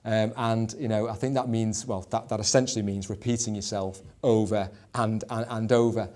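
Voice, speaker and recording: A man's voice: fairly low pitch, fairly even intonation, moderate pace, dark tone. A man leading a discussion on leadership as a schools executive director, often stumbling over repeated words and filling with "you know".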